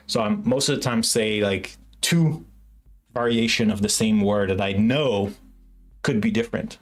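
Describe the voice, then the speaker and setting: A chatty man from Quebec, Canada, with a Quebec French accent and a voice on the low side, talks casually on his livestream as a software developer. He rambles, restarts often, and says "like" a lot.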